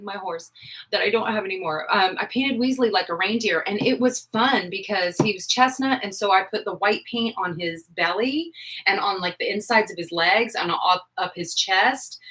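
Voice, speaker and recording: On a low-quality recording, a woman in her forties hosts a livestream and chats casually. Her medium-pitched voice sounds pushed and bright as she rambles with plenty of "like" and "um."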